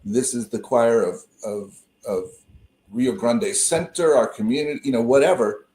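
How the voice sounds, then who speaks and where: A man's voice: mid-range voice, moderate pace, warm tone. Echoey man rambling on a call. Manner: rambling, self-interrupting storyteller. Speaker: co-host and minister. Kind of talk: casual conversation on a call. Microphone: video call.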